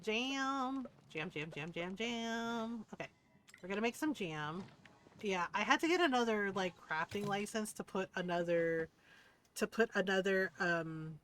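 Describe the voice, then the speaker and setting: A woman's voice: on the low side, slight background noise. A woman livestreaming a game, chatting casually and telling a story full of "like" and casual swearing, acting out her friends' lines. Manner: acts out friends' lines in excited voices. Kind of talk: casual chat while gaming.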